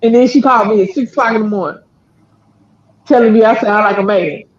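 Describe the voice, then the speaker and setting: A woman's voice: a little high, brisk. A woman telling a family story in casual, slangy chat, acting out quotes and laughing often. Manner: animated, laughing, slangy delivery with acted-out quotes. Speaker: storyteller, channel co-host. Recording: dull lo-fi sound.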